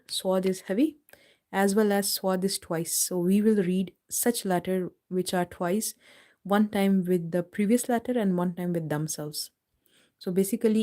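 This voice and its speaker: A woman teaching Quran recitation in a live online lesson, explaining patiently step by step and slowly drawing out each example word. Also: mid-range voice, a little mellow.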